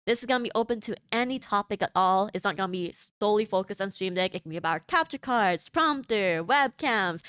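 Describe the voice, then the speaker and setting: A woman hosting a promotional livestream, energetic and chatty, talking straight to her viewers. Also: medium pitch, fairly quick, hardly any pauses, clean tone, no room sound, studio quality. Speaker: livestream host.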